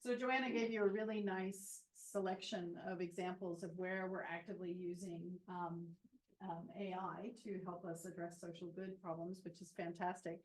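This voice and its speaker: A woman's voice: fairly low pitch, steady tone, moderate pace. A woman giving a conversational seminar talk without a microphone, thoughtful and full of ums and restarts. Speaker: seminar speaker. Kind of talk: conversational presentation. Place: seminar room. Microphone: no microphone, room pickup. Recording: roomy hall sound.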